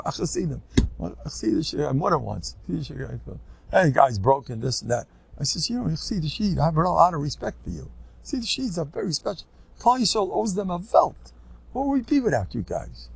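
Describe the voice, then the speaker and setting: Animated older rabbi with a gravelly voice. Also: male voice, on the high side. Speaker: rabbi giving a Torah lecture. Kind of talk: informal Torah lecture.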